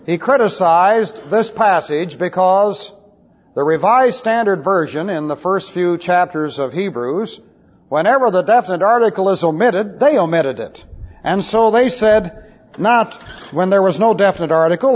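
A man's voice: high-pitched, lively intonation, normal speed. A man pastor giving an expository Bible lesson to his congregation, emphatic and wry with scornful asides. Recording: muffled old recording in a reverberant hall.

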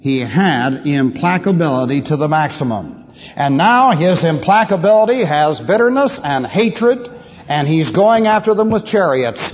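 A man teaching the Bible as a pastor, emphatic, asking rhetorical questions and swinging his pitch widely. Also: expressive, a little slow, slightly rough. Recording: lo-fi reverberant hall recording.

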